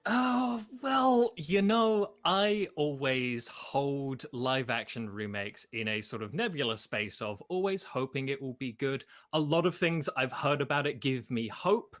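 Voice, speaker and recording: A man who plays and hosts a podcast, speaking in a measured, thoughtful, hedging way. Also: medium pitch, lively intonation, fairly bright tone. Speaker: podcast host and player. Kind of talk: casual chat.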